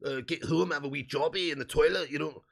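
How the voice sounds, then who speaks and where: A man's voice: fairly high pitch, quick pace, vocal fry. A man putting on a mock Scottish accent, playing a boisterous, jokey Scotsman.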